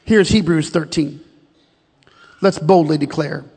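A man's voice: high-pitched, lively intonation, measured pace, fairly bright tone. A male pastor preaching a sermon, leading his congregation in call-and-response declarations. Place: church sanctuary. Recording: long reverb of a church hall.

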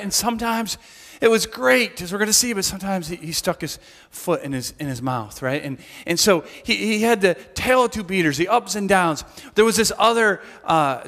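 A man preaching an Easter sermon as pastor, in a conversational, animated storytelling manner that acts out the people in his story. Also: high-pitched, big-room sound. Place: church.

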